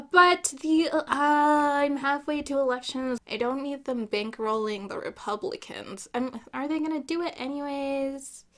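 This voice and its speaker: A woman's voice: sits high, unhurried, few pauses, a bit bright. A woman giving casual gameplay commentary, chatty and opinionated, with jokey asides. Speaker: gaming YouTuber.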